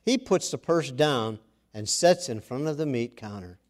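A middle-aged male pastor preaching a sermon in a folksy, animated storytelling way. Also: medium pitch, normal speed.

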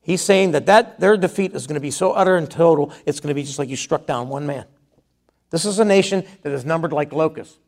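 Conversational preacher, a man, higher voice. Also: fairly quick, gravelly, a little mellow. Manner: conversational, reads scripture aloud then paraphrases it. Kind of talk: sermon with Bible reading.

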